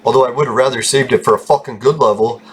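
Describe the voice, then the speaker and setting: Brief: male gaming host, mid-pitched, chuckling, foul-mouthed rambling, faint hiss behind. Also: steady tone, quick pace. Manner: laughs often, swears freely, rambling. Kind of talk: casual gameplay commentary.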